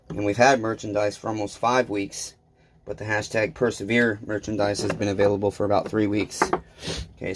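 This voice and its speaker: A man talking casually to his viewers while he repairs a chainsaw, blunt and self-deprecating, with rambling asides. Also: lowish voice. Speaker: small engine repair vlogger.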